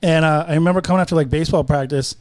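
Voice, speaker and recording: A guest comedian with a fairly high, steady, slightly mellow voice talks rapid-fire in a podcast studio, on a dry recording. He tells rambling, profane stories in a casual way and acts out the voices of the people in them.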